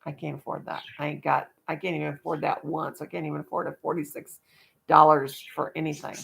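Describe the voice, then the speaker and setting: A woman's voice: low voice, level tone, fairly quick, creaky, a bit bright. A woman chatting casually on her livestream, folksy and talkative, breaking into baby talk to her dog now and then. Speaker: livestream vlogger.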